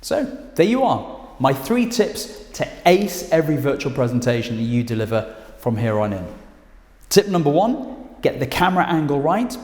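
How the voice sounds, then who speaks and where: A man's voice: on the high side, normal speed. British guy giving presentation tips to camera, punchy emphasis, echoey room. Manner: emphatic, lively intonation, coaching tone. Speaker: presentation skills trainer. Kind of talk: direct-to-camera instructional talk. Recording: echoey room with long reverb.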